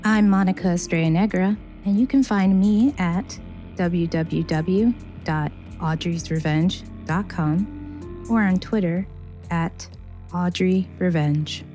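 A woman co-host reading a scripted podcast outro and plugs in a steady manner. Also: lowish voice, slow, soft background music. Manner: steady read announcement.

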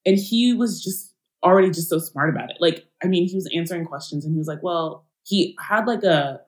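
A woman co-hosting a casual chat, animated and playful, laughing often and using teasing slang. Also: on the low side, brisk. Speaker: podcast co-host. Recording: roomy echo.

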